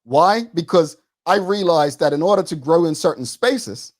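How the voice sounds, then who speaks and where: A man, co-hosting a studio talk show and arguing his point quickly and emphatically, repeating words. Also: a little high, expressive. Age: 40s. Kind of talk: studio debate.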